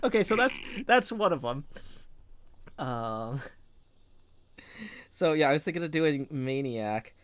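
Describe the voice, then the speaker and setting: A man's voice: animated, takes it slowly, pauses often, fairly bright tone, clean tone, no echo. Rambling man with a Southern twang. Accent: Southern American twang. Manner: rambling, restarts often, voice drops low while thinking. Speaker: streamer. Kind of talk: casual chat on a stream.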